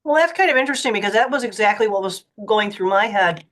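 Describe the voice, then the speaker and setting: A woman's voice: medium pitch, lively intonation, quick pace, fairly bright tone. A woman hosting a podcast, replying eagerly to her guest in casual conversation. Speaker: podcast host. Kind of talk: casual chat.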